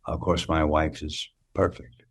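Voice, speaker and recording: A man in his sixties, a guest on an interview podcast, telling anecdotes in a lively way and often repeating words as he goes. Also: very deep voice, a little slow, breathy edge. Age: 60s. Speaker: guest actor. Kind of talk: casual interview storytelling.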